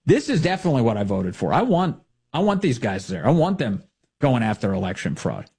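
A man's voice: medium pitch, big pitch swings, fairly quick, gravelly, darkish tone, breathy edge. A man hosting a political talk show, delivering a sarcastic monologue full of mocking rhetorical questions. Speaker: political commentary host.

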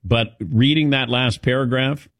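A man's voice: medium pitch, unhurried, no echo. A middle-aged man hosting a sports radio show, talking casually and telling stories with emotion and restarts. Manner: emotional, animated storytelling with rambling restarts. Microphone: studio microphone.

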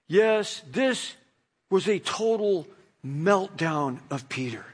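Male pastor, high voice, animated storytelling, rhetorical questions, sermon. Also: slow pace, breathy edge.

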